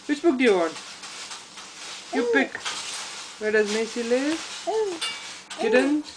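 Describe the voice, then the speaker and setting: A woman's voice: fairly high pitch, lively intonation, slow pace, background noise. A woman coaxing a baby to pick picture books, speaking in a sing-song voice and making animal sounds. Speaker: parent reading to a baby. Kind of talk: baby talk while reading picture books.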